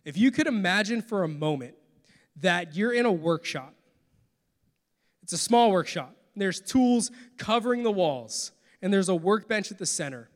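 A man preaching a sermon as pastor, earnest, moving between soft, quiet passages and forceful, loud ones. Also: high-pitched, expressive, moderate pace. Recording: long hall reverb.

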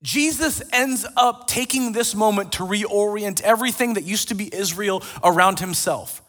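A man preaching a sermon as a pastor, retelling scripture in an animated storytelling way. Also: high-pitched, normal speed. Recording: long reverb of a large hall.

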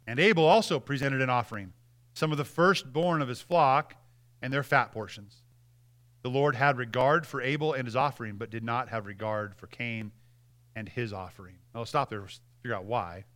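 A man's voice: medium pitch, normal speed, fairly bright tone. A male pastor giving a conversational sermon and acting out quotes as he preaches.

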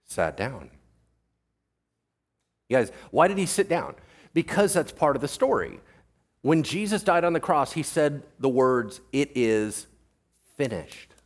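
A man pastor giving a sermon in a conversational way, firing quick questions at the congregation and mixing jokey asides into earnest teaching. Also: fairly high pitch, very animated, slightly rough.

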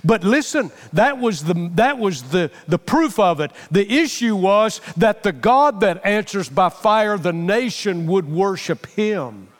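Middle-aged male pastor, high voice, impassioned sermon delivery, long church reverb. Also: animated, a little slow, hardly any pauses. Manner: impassioned, repeats phrases for emphasis.

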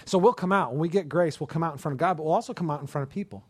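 A man preaching a sermon in a conversational way, asking the listeners rhetorical questions and rising to loud, emphatic passages. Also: a little high, very fast, breathy edge, dry recording.

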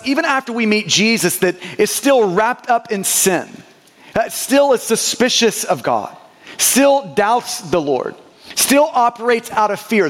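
A man's voice: high voice, big-room sound. A man preaching a sermon as pastor, earnest and direct, often repeating words as he asks his listeners questions.

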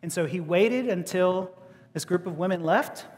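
High-voiced man telling a sermon story. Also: normal speed, long reverb tail. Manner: animated, acting out quotes, stammering restarts. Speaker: preacher.

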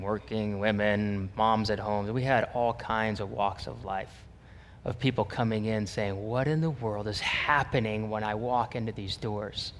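A man's voice: fairly low pitch, a bit bright. Man preaching in an echoing hall. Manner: storytelling, rising to emphatic preaching. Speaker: pastor. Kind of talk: sermon. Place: church sanctuary. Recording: long reverb of a church hall.

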